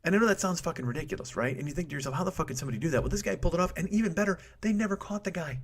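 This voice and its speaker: A man in his forties rattles through a comedy podcast monologue at a quick clip, his voice sitting a little high. He swears freely, breaks off mid-sentence and chuckles at his own jokes. He is recorded close on a studio microphone at home. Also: expressive. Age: 40s. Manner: profane, self-interrupting, laughs at own jokes.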